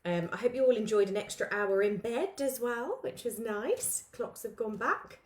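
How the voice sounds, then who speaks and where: A woman hosting a live craft lesson, chatting warmly with viewers and greeting them by name, with plenty of ums. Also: on the high side, expressive, moderate pace. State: out of breath. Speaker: craft tutorial host.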